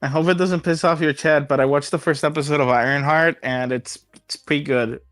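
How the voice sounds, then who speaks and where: A man's voice: fairly high pitch, steady tone, fairly quick, a bit bright, no echo, clean studio sound, faint music behind. A man co-hosting a stream, chatting in a hesitant, casual way with some swearing. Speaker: stream co-host.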